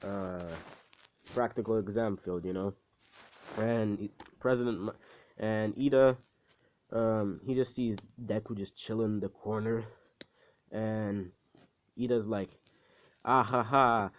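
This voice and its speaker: Slow and steady, with long pauses, a man with a low, dark voice rambles through a fan story he is retelling. He swears a lot and fills gaps with fillers, all on a dull, dry, lo-fi recording.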